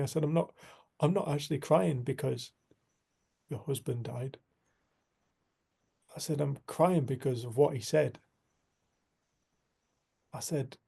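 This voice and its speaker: A man's voice: on the high side, vocal fry, slightly rough. A man giving an earnest, reflective spiritual talk to a community group, telling a personal story. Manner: earnest, storytelling, soft and slow at times.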